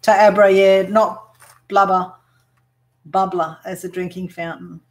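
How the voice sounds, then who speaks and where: Australian woman hosting a relaxed live craft stream, easygoing and unhurried, quick to laugh. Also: lowish voice. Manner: laughs often, explains slang to viewers. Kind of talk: casual live chat while working.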